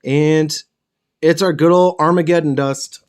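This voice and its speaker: His voice sits on the high side, clean and steady, at a measured pace. The young man hosts a miniature painting show, rambling casually as he paints, correcting himself and joking with the odd swear word.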